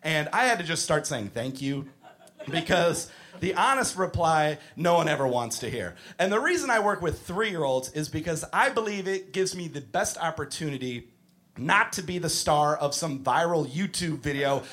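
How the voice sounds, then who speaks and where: A man doing a stand-up set, swearing and shouting in a high voice when he mimics kids. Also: moderate pace. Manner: animated, swearing, shouting kids' demands in a high voice. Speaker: stand-up comedian. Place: comedy club with audience laughter.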